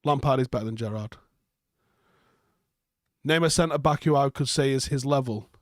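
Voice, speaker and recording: A man's voice: mid-range voice, normal speed, no room sound, studio quality. A young man, hosting a live football reaction stream, reading viewer comments and answering them bluntly with plenty of swearing and sarcasm.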